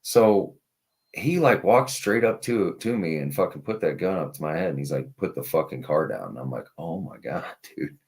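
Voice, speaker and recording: A man rambles through a tale of working a tow truck job on a laid-back streamed talk show, cursing and leaning heavily on fillers. He speaks at normal speed in a low-pitched, animated voice with a darkish tone.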